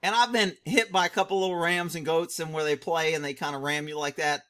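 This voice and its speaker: A man's voice: fairly high pitch, fairly even intonation, fairly quick, fairly bright tone. A middle-aged man commenting on a video clip, mocking it and laughing constantly between phrases. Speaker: vlog host.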